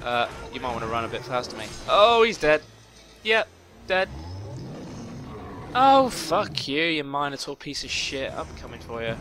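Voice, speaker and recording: A man giving profane, excitable gameplay commentary, talking to himself as he plays, with game music behind. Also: mid-range voice, normal speed. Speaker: gamer playing a video game.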